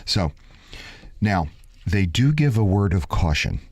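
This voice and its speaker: A man's voice: low voice, takes it slowly, slightly rough. A man hosting a radio show, casually chatting and telling a long joke. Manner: storytelling, lively delivery. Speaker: radio host.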